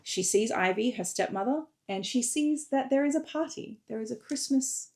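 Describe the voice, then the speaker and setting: A woman author casually retelling and reading from her book for a readalong recap, with relaxed fillers as she goes. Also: on the high side, normal speed.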